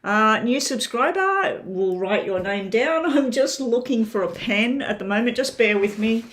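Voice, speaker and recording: A woman's voice: a little high, expressive, a little slow, a bit bright. A woman reading tarot on a live stream, chatting loosely to her viewers and talking while she eats. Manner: rambling, chatty, talks while eating. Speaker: tarot reader. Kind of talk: casual livestream chat to viewers.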